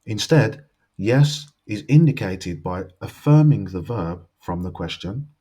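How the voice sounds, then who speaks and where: A man teaching a language lesson, explaining grammar step by step and slowly modeling example sentences. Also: on the low side, animated, dark tone, breathy edge, lo-fi sound.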